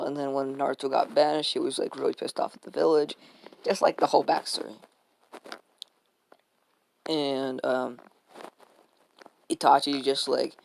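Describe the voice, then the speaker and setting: Gravelly, rambling young-sounding man. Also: medium pitch. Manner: rambling, swears freely, many fillers and restarts. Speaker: fan fiction storyteller. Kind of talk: casual unscripted story retelling.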